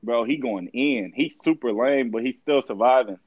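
A man's voice: mid-range voice, normal speed, dull audio, slight background noise. Slangy young man chatting with friends. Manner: slangy, rambling, says bro often. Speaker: friend in group chat. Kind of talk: casual chat.

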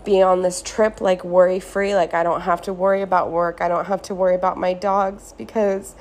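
Woman, solo podcast host, earnest casual chat, steady level tone, phone mic in a hotel room. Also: fairly low pitch, a little fast. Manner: casual, earnest, heavy use of "like". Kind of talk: reflective solo podcast monologue. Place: hotel room at a beach resort.

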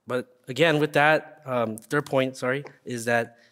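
A young man preaching a casual, earnest sermon, often checking in with listeners with a quick "right?". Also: mid-range voice, fairly even intonation, fairly bright tone. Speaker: pastor. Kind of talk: conversational sermon.

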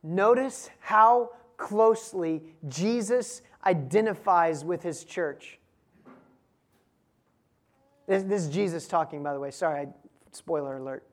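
Woman preaching with lively emphasis. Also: lowish voice. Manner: dynamic preaching with rhetorical questions and strong emphasis; laughs and asides to the congregation. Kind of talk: sermon.

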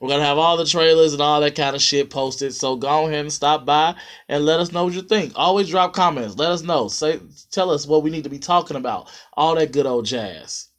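A man hosting a podcast in a loose, joking way, full of easy slang. His voice sits a bit high for a man. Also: fairly quick. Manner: joking, laid-back slang. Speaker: podcast host. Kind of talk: casual chat.

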